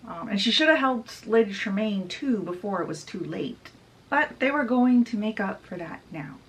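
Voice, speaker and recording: A woman's voice: mid-range voice, expressive, normal speed, recorded from a distance, rough recording. A woman book vlogger casually retelling a story in a chatty, storytelling way. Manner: chatty, storytelling, with fillers like "she's like". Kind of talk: casual book summary vlog.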